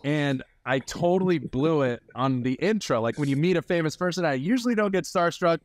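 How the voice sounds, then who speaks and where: Man, interview host, eager, quick storyteller, laughs a lot, dry close sound. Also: on the high side, animated, no room sound. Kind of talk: casual interview chat.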